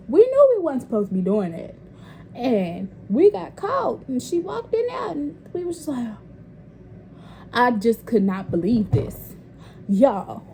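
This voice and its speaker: Young woman spilling a story on her vlog, kinda high warm voice, cusses a lot. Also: a little hiss or hum. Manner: candid, profane, animated storytelling. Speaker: vlogger.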